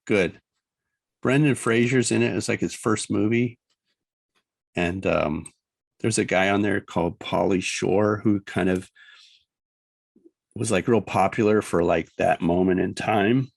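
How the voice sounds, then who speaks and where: A man teaching an animation software class, rambling and thinking aloud as he works. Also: on the low side, unhurried, vocal fry, long pauses, dry recording, low-quality recording. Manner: rambling, chatty, thinks aloud with laughs and sound effects. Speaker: animation instructor. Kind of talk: casual screen-recorded class demo.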